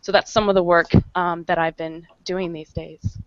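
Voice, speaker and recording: A woman's voice: fairly low pitch, flat delivery, normal speed, no echo. Academic woman in her thirties explaining her work over a video call, dull dry sound. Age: 30s. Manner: clear explanatory tone with frequent ums and restarts. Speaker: panelist, psychology professor. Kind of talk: explaining research on an online panel.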